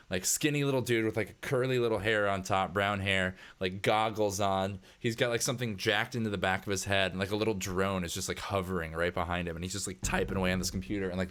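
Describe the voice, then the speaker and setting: Game master, male, lowish pitch, casual rambling narration. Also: a bit bright. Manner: casual, lots of filler "like".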